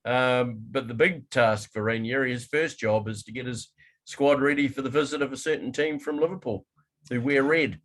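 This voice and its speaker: A man's voice: medium pitch, fairly even intonation, moderate pace, fairly bright tone. A man co-hosting a sports podcast, reading the news steadily with dry jokes. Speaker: podcast co-host.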